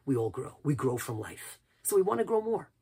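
Male preacher, very breathy husky voice, impassioned sermon that jumps between shouts and hushed asides. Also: on the high side, very animated, a little fast. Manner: impassioned, swings from loud cries to near whispers. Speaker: rabbi.

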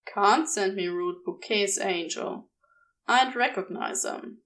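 A woman reading a podfic, voicing a guarded, sardonic man who speaks haltingly and corrects himself. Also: medium pitch, a bit bright, far from the mic. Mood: teasing. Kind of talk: audiobook reading.

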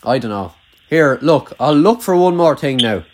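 A man's voice: mid-range voice, lively intonation, moderate pace, a little mellow, a little hiss or hum. A young man with a rural Irish accent hosting a casual podcast chat, rambling and filling his talk with "like". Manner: chatty, rambling, heavy use of "like". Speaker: podcast host.

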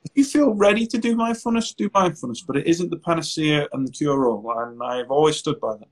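Husky man, animated therapist. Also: on the high side, a little fast, poor audio. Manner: animated, acts out client exchanges. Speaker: anxiety therapist, guest. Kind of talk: conversational interview answers.

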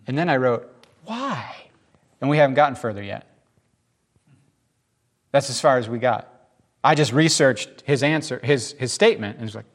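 A man preaching a casual sermon, animated and jokey, often acting out the voices in the scripture he reads. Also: mid-range voice, normal speed, long pauses. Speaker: pastor.

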